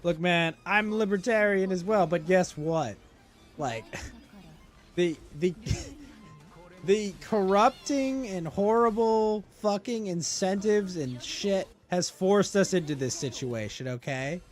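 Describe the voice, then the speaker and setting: A man hosts a casual livestream chat in a high-pitched, slow voice, ranting and mocking crudely in jest with bursts of laughter. Faint music plays behind him.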